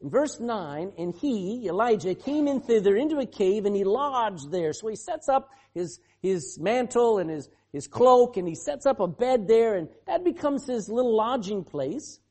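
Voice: mid-range voice, animated, normal speed, few pauses, a little mellow. A pastor preaching a sermon, asking the congregation rhetorical questions and acting out quoted speech.

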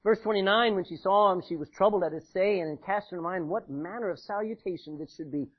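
A man's voice: high voice, brisk, slightly rough. A man preaching a sermon, folksy and conversational, with chatty asides to the congregation. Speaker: pastor. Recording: dull lo-fi recording.

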